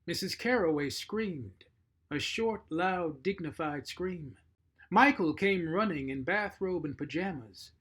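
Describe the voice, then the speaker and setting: Slow, husky male storyteller. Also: a little high. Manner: measured, expressive. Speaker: narrator. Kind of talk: dramatic short story reading.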